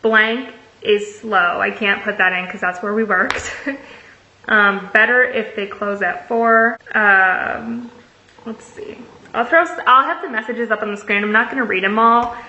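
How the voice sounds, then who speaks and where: A woman's voice: mid-range voice, a little slow, bright, forceful tone. A young woman vlogger telling a story in a casual, chatty way, swearing freely and filling her talk with likes and ums. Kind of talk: casual storytime, reading messages aloud. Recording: echoey room, slightly muffled.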